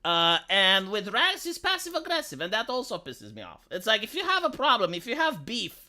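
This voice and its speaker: A woman with a Romanian accent and a squeaky voice, ranting heatedly on a casual live stream and often stumbling over repeated words. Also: huge pitch swings, fairly quick, bright, forceful tone. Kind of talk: casual livestream chat.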